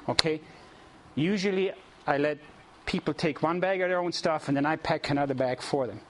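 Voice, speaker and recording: A male preacher with a fairly high voice tells a lively story to his listeners, chuckling often and turning to ask them questions. His delivery is animated and conversational. A faint hum of room noise sits behind him. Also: moderate pace. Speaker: preacher leading mission trips. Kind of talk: storytelling sermon.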